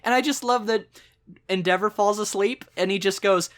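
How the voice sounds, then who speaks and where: Casual podcast host, rambling and excitable, laughs a lot, mid pitch. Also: normal speed. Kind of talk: casual chat.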